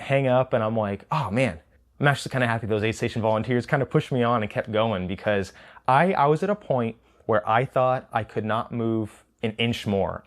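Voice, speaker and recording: A man talks through his race in a loose, rambling way, tripping over his words and breaking into short laughs. His voice sits at an ordinary middle pitch, and the telling feels casual and unscripted, like a vlog recap. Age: adult with children. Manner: rambling, self-correcting, laughs often. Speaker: trail runner recapping a race.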